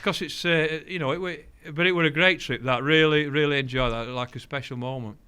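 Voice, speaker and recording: An older man, a guest telling fishing stories in an animated way, acting out the voices of the people he quotes. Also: a little high, fairly quick, smooth. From England. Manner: animated, acts out quoted voices, laughs often. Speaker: guest, angling champion. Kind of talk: anecdotal storytelling.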